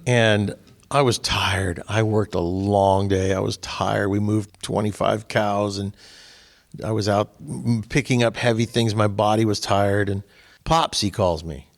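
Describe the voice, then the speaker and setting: An older man, the host, chatting casually and telling animated stories that grow louder and higher as he gets going. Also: a little slow, vocal fry. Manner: animated storyteller, voice rising as he tells stories. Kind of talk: casual chat.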